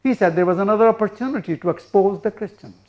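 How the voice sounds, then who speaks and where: A man's voice: sits high, quick pace, darkish tone, highs cut off. A man preaching a sermon, retelling a testimony and acting out the people in it. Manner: retells a story, acting out the speakers in it.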